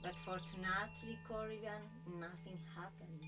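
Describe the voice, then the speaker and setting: A woman hosting a sound healing stream, chatting casually in halting, non-native English. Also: medium pitch, fairly even intonation, over loud music. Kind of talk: casual live-stream chat. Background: singing bowls and chimes.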